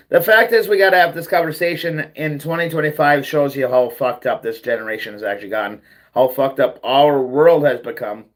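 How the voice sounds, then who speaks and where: High-voiced man on a profane rant. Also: a bit bright. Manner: blunt, profane, keeps repeating himself. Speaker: livestream host. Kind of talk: ranting monologue.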